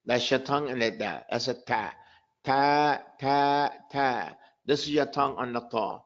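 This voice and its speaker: A man teaching a live online pronunciation lesson, repeating example words and asking his students quick questions. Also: medium pitch, a bit bright, lo-fi sound. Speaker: tajweed teacher.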